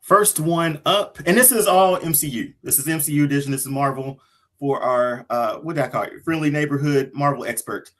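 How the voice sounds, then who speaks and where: A man hosting a casual fan podcast, excitable and playful, often breaking into laughter. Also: on the high side, brisk. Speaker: host.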